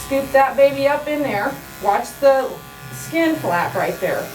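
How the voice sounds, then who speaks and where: A woman's voice: sits high, animated, slow. Woman groomer coaxing a dog over clippers. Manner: coaxing and scolding a dog, then explaining steps. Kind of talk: grooming tutorial, talking to the dog. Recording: roomy sound, mic at a distance, clipper noise. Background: electric clippers buzzing.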